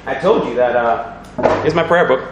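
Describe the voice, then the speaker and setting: A man preaching a lively sermon in a church, animated, breaking into sung lines and laughter, asking the congregation questions. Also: medium pitch, normal speed, highs cut off, noisy background. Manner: animated, sings snatches, laughs, asks the crowd questions. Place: church hall. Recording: echoey church with congregation responding.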